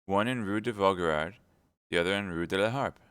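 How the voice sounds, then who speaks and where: A man's voice: deep voice, a little fast, fairly bright tone, clean tone, no room sound, studio quality. A man voicing a timid, fawning middle-aged mercer who is eager to please. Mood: meek. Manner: meek and eager to please, turning frantic.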